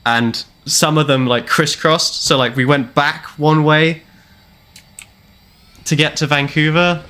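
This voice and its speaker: A man's voice: medium pitch, steady tone, moderate pace, bright, forceful tone. A young man streaming a game, casually telling a long rambling travel story with wry repeats. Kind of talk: casual storytelling while gaming.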